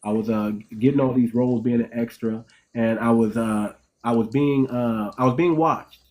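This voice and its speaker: A man's voice: medium pitch, steady tone, moderate pace, a little mellow. A man hosting a commentary monologue, explaining emphatically and often restarting his phrases while checking in with "right?" and "okay?". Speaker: host.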